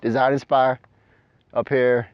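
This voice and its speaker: A man's voice: medium pitch, little pitch movement, a little slow, clear, resonant tone, muffled recording. A man coaching through a story, talking animatedly while running up a mountain trail outdoors. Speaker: motivational coach. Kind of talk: energetic storytelling vlog.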